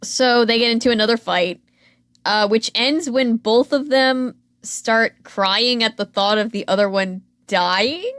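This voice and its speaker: A woman's voice: fairly high pitch, measured pace, a bit bright, clear, resonant tone, no room sound, studio quality. A woman co-hosting a podcast, recapping a reality show in a chatty, sarcastic way with frequent fillers. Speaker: podcast co-host.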